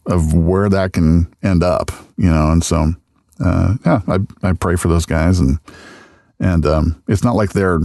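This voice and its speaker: A man being interviewed as a guest, speaking casually in halting, reflective phrases with many fillers. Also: low-pitched, steady tone, gravelly, mellow, dry recording, studio quality. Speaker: radio voice talent, guest.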